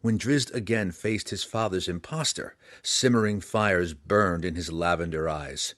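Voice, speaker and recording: A man reading a fantasy audiobook aloud, in a dramatic, lively way. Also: deep voice, unhurried, dry recording, studio quality. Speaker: audiobook reader.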